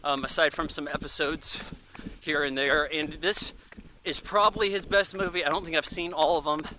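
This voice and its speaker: A man in his thirties talks through a film in a loose, rambling review. His voice is very bright and sharp and sits a little high, and he keeps it offhand and chatty, thinking out loud as he goes. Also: fairly even intonation, normal speed, a little hiss or hum. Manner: offhand and chatty, thinking aloud with many fillers. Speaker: movie reviewer. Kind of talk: casual rambling movie review.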